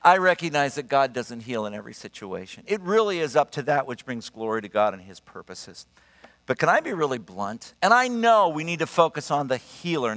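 A middle-aged man preaching a sermon, telling stories in an animated, emphatic and earnest way. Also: medium pitch. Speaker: pastor. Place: church sanctuary. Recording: long reverb of a large church hall.

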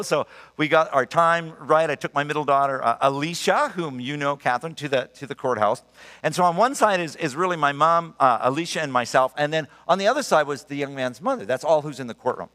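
Animated older male preacher in a hall. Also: fairly high pitch, fairly quick. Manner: animated, emphatic, storytelling with laughs. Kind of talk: sermon with personal storytelling. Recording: long reverb of a large hall.

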